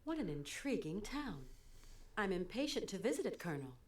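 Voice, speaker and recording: A woman's voice: medium pitch, very animated, moderate pace, crowd noise, close to an everyday voice. Kate Walker, a poised American traveler played by a woman. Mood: polite. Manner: polite, composed, inquisitive. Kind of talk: video game voice acting.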